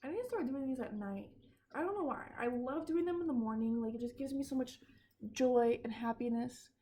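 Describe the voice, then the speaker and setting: A woman's voice: fairly high pitch, fairly quick, warm tone. A young woman vlogging outdoors in her backyard, rambling and giggling and often sidetracked, recorded on a phone. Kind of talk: casual chat.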